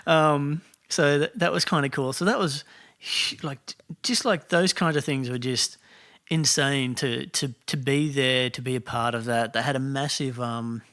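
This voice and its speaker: Aussie guy rambling thru a story, lots of ums n restarts, middle pitch. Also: fairly even intonation, moderate pace, fairly bright tone. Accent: Australian. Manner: rambling, many fillers and restarts. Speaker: podcast guest. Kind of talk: casual storytelling.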